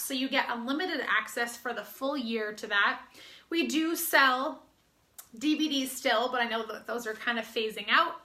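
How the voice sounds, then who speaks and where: A woman's voice: a little high, bright, forceful tone, roomy sound. An American woman coach giving an upbeat, chatty promotional talk, slightly out of breath, with fillers and restarts. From United States. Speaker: fitness business coach.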